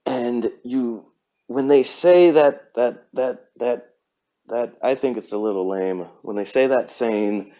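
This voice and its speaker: A man's voice: mid-range voice, slow pace, mellow. A man hosting a podcast, giving a blunt, profane pep talk in a casual monologue. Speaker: podcast host.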